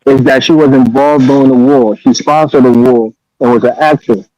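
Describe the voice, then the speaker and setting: Mellow-voiced man in a dull lo-fi clip. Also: mid-range voice, fairly even intonation, moderate pace, no room sound. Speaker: commentator in a played clip. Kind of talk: measured political commentary.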